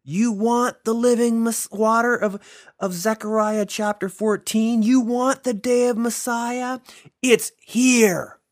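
A man voicing a bold prophet who shouts slowly and urgently to a festival crowd. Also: very high voice, fairly even intonation, pitched above the performer's own voice. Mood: proclaiming. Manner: shouted, slow and drawn out.

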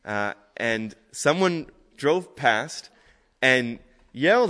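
A man's voice: mid-range voice, lively intonation, normal speed, a bit bright. Male preacher, conversational storytelling style, recorded in a reverberant hall. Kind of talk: sermon. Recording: echoey hall.

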